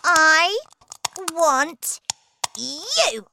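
Spoiled bratty girl: shrieking, whiny, very high. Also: very animated, very slow, creaky, background noise, heavily acted. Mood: whiny demanding. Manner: screeching, whiny demands.

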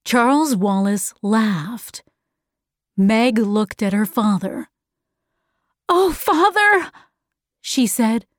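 A woman narrating a story in a clear, careful, evenly paced reading. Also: fairly high pitch, a little mellow, dry recording, studio quality. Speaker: audiobook narrator. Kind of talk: slow, clear scripted narration for learners.

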